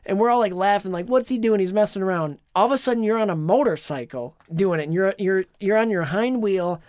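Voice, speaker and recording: A man co-hosting a podcast, telling a long dream in a rambling, animated way with lots of fillers. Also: high voice, brisk, no room sound. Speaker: podcast co-host. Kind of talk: casual chat, retelling a dream.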